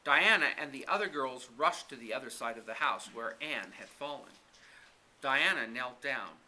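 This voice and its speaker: A man reading a children's storybook aloud with expressive narration. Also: mid-range voice, unhurried. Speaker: reader.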